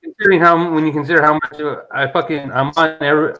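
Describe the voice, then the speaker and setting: A fairly high-voiced man rambles and laughs through casual chat, restarting his sentences. Faint guitar music plays behind him. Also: steady tone, fast talker, poor audio. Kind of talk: casual online group chat.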